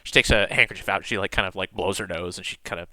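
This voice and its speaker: A man runs a tabletop game, describing each moment loosely and with lots of fillers. His voice is bright and crisp. The sound is dry, with no room echo. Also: low-pitched, fast talker. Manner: rambling, filler-heavy description. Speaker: game master.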